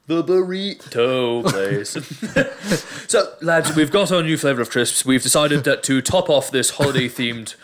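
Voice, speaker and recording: A man's voice: on the high side, animated, unhurried, few pauses, fairly bright tone. A man joking around on a podcast, laddish and calling everyone mate. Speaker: podcast guest. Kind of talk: casual banter.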